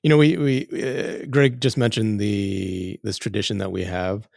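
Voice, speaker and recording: Man, podcast co-host, low gravelly voice, dry close mic, easygoing and hesitant. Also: fairly even intonation, a little slow, no echo. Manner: easygoing, trails off quietly, hesitant with fillers. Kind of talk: casual chat.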